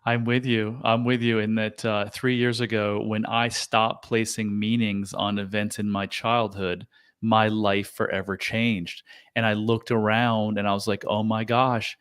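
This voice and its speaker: A man's voice: lowish voice, little pitch movement, measured pace, a bit bright, clean tone. A man hosting a podcast, speaking in an earnest, enthusiastic way in casual conversation. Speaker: podcast host.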